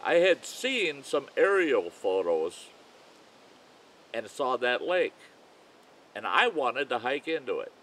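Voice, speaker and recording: A man's voice: medium pitch, big pitch swings, slow, long pauses, a bit bright, low-quality recording. Older man spinning a folksy yarn. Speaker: storyteller. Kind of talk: campfire storytelling.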